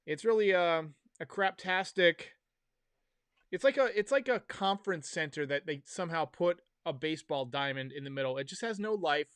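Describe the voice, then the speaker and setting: A man's voice: fairly high pitch, expressive, moderate pace, fairly bright tone, clean tone, no echo, clean studio sound. Chatty, opinionated man hosting a livestream. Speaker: podcast host. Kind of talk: casual livestream chat. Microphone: headphones and desk mic.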